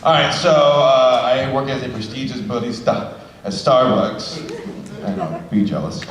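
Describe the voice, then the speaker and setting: A man's voice: mid-range voice, a little slow. A young man telling a joking story on a convention panel. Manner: animated storytelling, jokey asides. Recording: echoey hall from far off.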